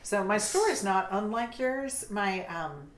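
A woman's voice: mid-range voice, lively intonation, measured pace. Woman chatting in an echoey room. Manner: encouraging, brief affirmations. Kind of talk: casual chat.

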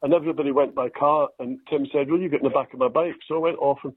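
An older Scottish man, an actor, telling self-deprecating stories in a relaxed interview. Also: medium pitch, racing, breathy edge, dry recording. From Scotland. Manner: storytelling, self-deprecating, quotes others in lively voices. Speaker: actor guest. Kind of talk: anecdotal interview chat. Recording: dry tinny phone-like line.

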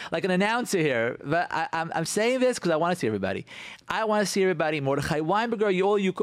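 A man's voice: on the high side, no room sound. A man hosting a radio talk show, enthusiastically promoting an event with repeated phrases and Hebrew expressions. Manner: animated, repetitive, sprinkled with Hebrew phrases. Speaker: radio host.

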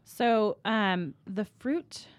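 A woman co-hosting a casual faith discussion, enthusiastic and animated, quick to laugh. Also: mid-range voice, dry recording. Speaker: podcast co-host.

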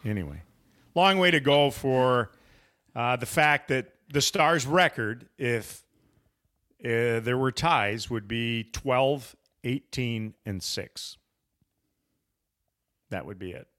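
A man's voice: medium pitch, lively intonation, slow, pauses often, a bit bright. A man hosting a casual sports podcast, talking in a wry, teasing, rambling way. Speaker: podcast host.

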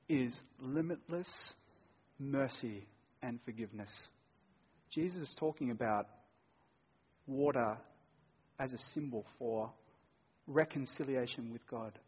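Husky preacher in a reverberant church. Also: male voice, medium pitch. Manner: emphatic, reads scripture aloud, builds to loud emphasis. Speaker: pastor. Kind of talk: sermon. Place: church hall. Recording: dull sound in a long-echo church hall.

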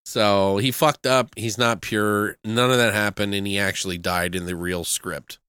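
A man's voice: fairly low pitch, fairly even intonation, normal speed, sharp tone, clear, resonant tone, no room sound. A man co-hosting a movie podcast, talking casually and joking, swearing freely as he riffs. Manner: laid-back, swears freely, jokes and riffs. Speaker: podcast co-host reviewing movies. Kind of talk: casual chat.

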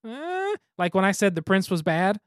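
A man's voice: sits high, level tone, a little fast, fairly bright tone, no echo, clean studio sound. A man co-hosting a podcast in casual chat, easygoing and self-deprecating, laughing often. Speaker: podcast co-host.

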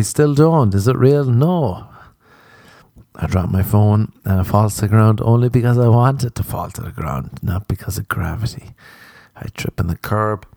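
A man with a Cork Irish accent hosting a podcast, in a rambling, profane comedic monologue with muttered deadpan asides. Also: lowish voice, no echo, studio quality. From Cork, Ireland. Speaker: podcast host.

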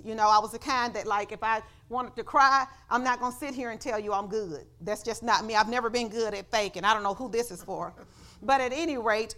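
A woman pastor preaching a sermon in church, telling a personal story and building up to shouts of praise. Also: on the high side.

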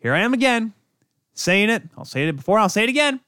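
A man's voice: sits high, big pitch swings, fast, pushed and bright, no echo, studio quality. A man hosting a sports podcast, ranting in an exasperated, sarcastic way. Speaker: podcast host. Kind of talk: heated sports rant.

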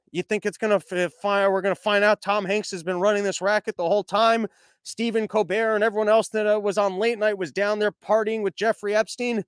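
Young male podcast host, sarcastic and mocking, clear higher voice, dry close-mic sound. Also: no echo. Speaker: news commentary host. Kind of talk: sarcastic news commentary with ad reads.

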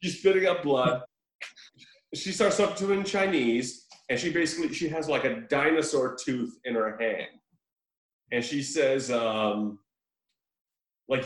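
A man on a podcast telling a movie scene in casual chat, animated and joking, mimicking the characters. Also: on the high side, unhurried, long pauses, echoey room, rough recording. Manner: animated storytelling with laughs and mimicked quotes. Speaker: podcast co-host.

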